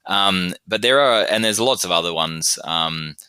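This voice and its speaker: An Australian man, a podcast guest, chatting casually and telling stories, then reciting his own rhymed bush poem in a steady rhythm. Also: sits low, a little slow, clear, resonant tone, no echo.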